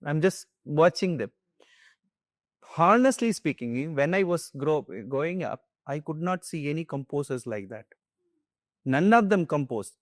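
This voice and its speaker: A man's voice: a little high, dry recording. Indian man telling stories in earnest. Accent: Indian English. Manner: earnest, animated storytelling with frequent restarts. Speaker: dance composer and guru. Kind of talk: conversational interview.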